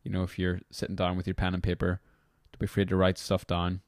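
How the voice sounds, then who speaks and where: Very deep-voiced podcast host, rambling. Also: male voice, completely flat delivery, fast, a little mellow, dry recording, clean studio sound. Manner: casual, rambling, apologetic asides. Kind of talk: reflective podcast talk leading guided prayer.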